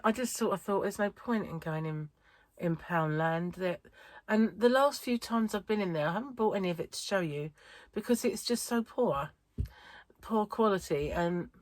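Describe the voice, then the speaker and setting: Low-voiced tired woman chatting. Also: dry recording. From United Kingdom. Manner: rambling, chatty, self-interrupting. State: tired, wheezy chest. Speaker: crochet vlogger. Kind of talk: casual chat vlog.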